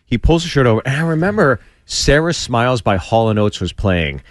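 Animated male comedian telling a story. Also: medium pitch, brisk, no echo. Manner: acts out quoted voices, lots of restarts. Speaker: stand-up comedian guest. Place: radio studio. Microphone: studio mic.

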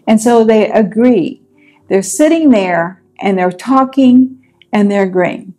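A woman retells a Bible story in a relaxed, animated way, slipping into the characters' lines. Her voice sits at a middle pitch. Soft music plays faintly behind her. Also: unhurried. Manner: lively storytelling, acting out quotes. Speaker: Bible teacher.

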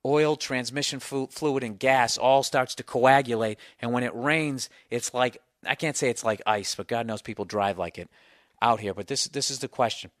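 A man in his forties with a Boston accent, hosting a podcast and telling a comic story in a profane, animated way full of self-mocking inner voices. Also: mid-range voice, normal speed, dry recording, clean studio sound. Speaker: podcast host. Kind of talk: comic monologue.

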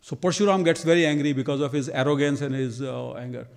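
A man, telling a devotional story as a temple speaker and acting out the quoted lines with lively energy. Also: mid-range voice, fast, vocal fry, long reverb tail. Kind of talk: storytelling sermon. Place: temple hall.

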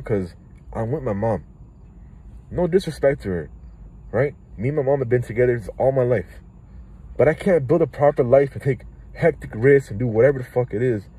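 A young man in his twenties with a Toronto accent rants straight to camera, his voice dark and mellow in tone. He is profane and heated and leaps between thoughts. Faint vehicle noise hums behind him. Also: mid-range voice, poor audio. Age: 20s. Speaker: rapper. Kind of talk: impassioned vlog rant.

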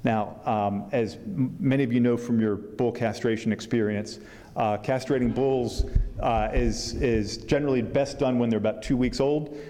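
A man reads a passage from his own novel to an audience. His voice is mellow and relaxed, with fillers and restarts when he talks freely. Long reverb from a large hall trails every phrase. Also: medium pitch. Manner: halting with fillers when speaking freely, steady when reading. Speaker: author at a book fair reading. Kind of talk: public reading from his novel. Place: event hall.

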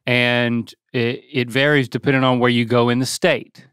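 A man's voice: medium pitch, little pitch movement, moderate pace, fairly bright tone, clean tone, no room sound, clean studio sound. A middle-aged man with a light Southern accent, co-hosting a podcast in wry, joking casual chat. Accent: Southern US, softened. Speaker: podcast co-host.

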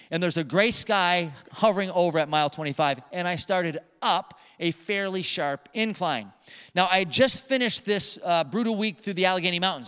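A man preaching a sermon as a pastor, telling a personal story in an animated way with emphatic repetitions. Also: sits high, clean tone. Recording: long hall reverb.

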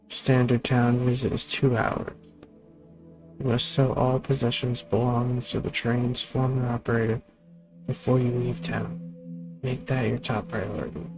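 A man reads a text adventure aloud in an even, level voice, then slips into loose spoken asides about what he is doing. His pitch sits in the middle for a man. Faint game music plays under him. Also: low-quality recording. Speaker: gaming channel host. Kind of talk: reading a text adventure aloud with casual commentary.

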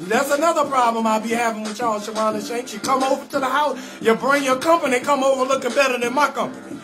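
A man hosting a live comedy call-in show, telling stories loudly and animatedly, acting out both sides of conversations and cutting in with blunt refusals. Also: very high-pitched, steady tone, fast talker, music in the background. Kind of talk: loud storytelling comedy rant.

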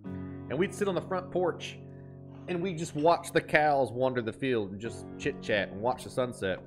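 A man's voice: medium pitch, moderate pace, soft background music. A man with an Appalachian twang, chatting casually while streaming a game, reading chat aloud and laughing easily.

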